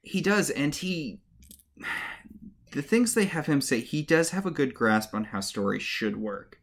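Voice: medium pitch, expressive, a little slow. A podcast co-host recapping a show in casual chat, wry, mocking the characters in little put-on voices. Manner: wry, mock-voices characters when retelling.

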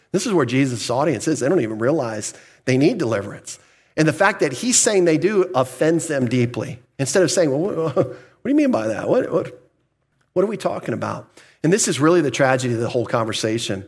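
A man pastor preaching a sermon, putting questions to the congregation, answering them himself, and chuckling now and then. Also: mid-range voice.

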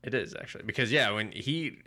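A fairly low-pitched man talks a little fast, his tone bright and forceful. As a podcast co-host casually reviewing comics, he recounts a comic's plot with rambling, profanity and plenty of filler words.

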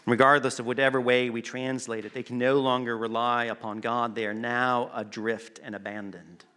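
A man preaching a sermon, earnest and emphatic, pausing to stress words and sometimes restarting a phrase. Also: mid-range voice, level tone, sharp tone.

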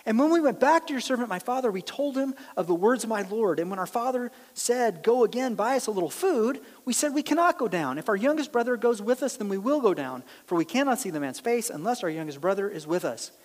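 Animated preacher in a reverberant hall. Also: male voice, high-pitched, fast, hardly any pauses. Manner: animated, acts out the characters' reactions. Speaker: pastor. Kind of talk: sermon reading and explaining scripture.

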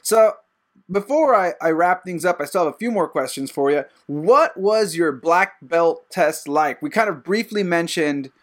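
A man's voice: fairly high pitch, lively intonation, unhurried. A man hosting a martial arts podcast, asking rambling questions in a casual interview. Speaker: podcast host.

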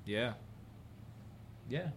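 In a candid podcast interview recorded at a bar venue, a comedian speaks very slowly, rambling and putting himself down, with frequent restarts and the occasional swear. A little hiss or hum runs through the recording.

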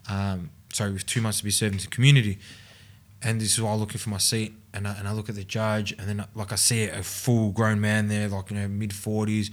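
A man's voice: lowish voice, flat delivery, a little fast. A man telling his own story in a casual interview, rambling with many fillers and restarts and frequent laughs. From Australia. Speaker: podcast guest.

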